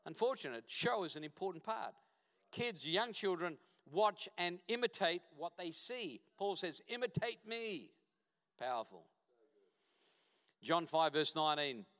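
A man's voice: a little high, expressive, a little slow, a bit bright. A man preaching a sermon as a guest pastor, emphatic and fond of short repeated punchy phrases. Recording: reverberant church hall.

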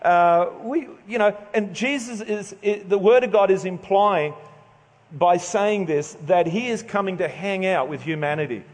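A middle-aged Australian pastor delivers a sermon in a loose, joking, conversational way, unhurried and often stumbling to restart his phrases. His voice sits a little high for a man. A long reverb rings through the church hall.

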